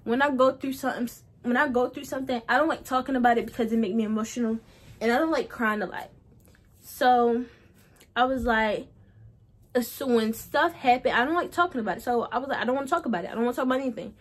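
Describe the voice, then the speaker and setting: A woman's voice: on the high side, brisk, breathy edge. Young woman rambling through a storytime. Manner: rambling, repeats herself while recounting. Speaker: vlogger. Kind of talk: casual storytime.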